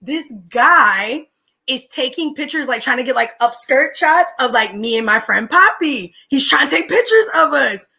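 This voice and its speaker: A woman's voice: high voice, normal speed, gravelly. A young woman, a podcast guest telling stories in casual, slangy chat and laughing between lines. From Philadelphia, USA. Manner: animated, slangy, laughs mid-story.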